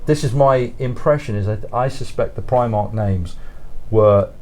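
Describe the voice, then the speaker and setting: A man's voice: fairly low pitch, unhurried, darkish tone. Rambling, thoughtful male author guest. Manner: thoughtful, rambling, repeats words, laughs often. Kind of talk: interview answers. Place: studio.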